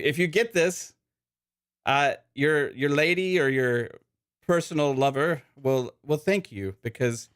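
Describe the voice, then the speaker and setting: A man's voice: mid-range voice, fairly bright tone. A man co-hosting a podcast, chatting in a loose, jokey, crude way. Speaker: podcast co-host. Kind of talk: casual podcast chat.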